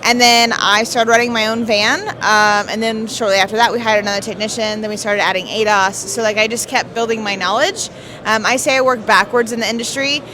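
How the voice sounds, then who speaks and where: A woman who runs an auto business, answering interview questions in a halting way with many fillers. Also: fairly high pitch, steady tone. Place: busy trade show floor. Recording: crowd chatter behind.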